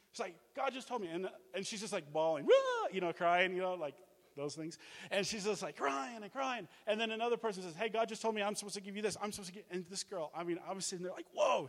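A middle-aged man tells a preaching testimony as a missions base director, animated and full of exclamations. His voice sits a little on the high side. The sound carries a long reverb from a church hall. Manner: animated storytelling with laughs and exclamations.

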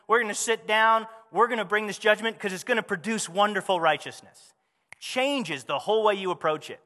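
A man preaching a sermon as a pastor, conversational and animated, asking the congregation rhetorical questions. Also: high voice, big-room sound.

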